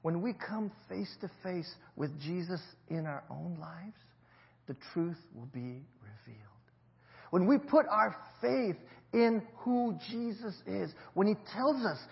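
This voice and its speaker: Pastor, male, high voice, storytelling sermon, dull lo-fi audio. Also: expressive, unhurried, vocal fry. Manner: storytelling preacher, swings between loud emphasis and low quiet.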